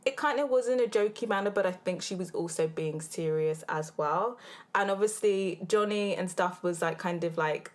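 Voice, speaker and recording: A British woman in her own casual recap channel, talking fast and freely in slang. She is blunt and animated, openly exasperated with the people on screen. Her voice sits at an ordinary middle pitch, recorded close on a small handheld recorder. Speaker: reality TV recap host. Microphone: handheld field recorder.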